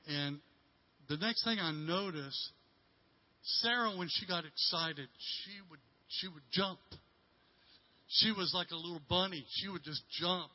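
A middle-aged man preaches in a slightly high voice, telling a story with halting restarts and repeated words. He swings from loud emphasis to a hushed near-whisper. The sermon recording sounds dull and lo-fi. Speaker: pastor.

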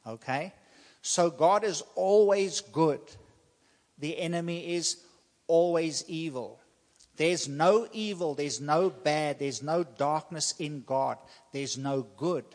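A man preaching a sermon to his congregation, emphatic and repetitive, with slow dramatic pauses. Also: a little high. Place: church hall. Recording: long church hall reverb.

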